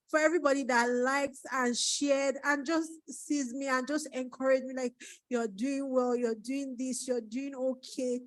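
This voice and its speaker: A woman's voice: sits high, steady tone, moderate pace, no echo, low-quality recording. Tearful woman giving thank-you speech. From Nigeria. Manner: tearful, holding back crying. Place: book launch event.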